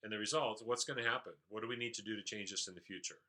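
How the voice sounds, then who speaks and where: A man's voice: fairly low pitch, racing, sharp tone. A man leadership trainer giving an explanatory recap of a training session, with frequent "uh" fillers.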